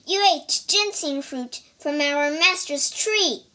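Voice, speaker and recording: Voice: high voice, slow pace, sharp tone, pitched above the performer's own voice, heavily acted. A storyteller voicing angry, indignant male temple priests in a storybook reading. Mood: accusing.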